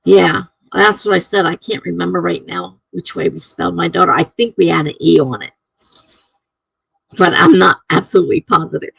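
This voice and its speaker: A woman's voice: on the low side, moderate pace, vocal fry, a bit bright, breathy edge, no room sound, low-quality recording. A middle-aged woman streaming live, chatting casually and chuckling as she reads out viewer comments.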